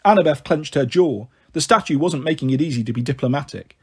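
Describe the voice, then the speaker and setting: A man narrating a storybook in a steady reading voice. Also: on the high side, a little fast, few pauses, husky. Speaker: audiobook narrator.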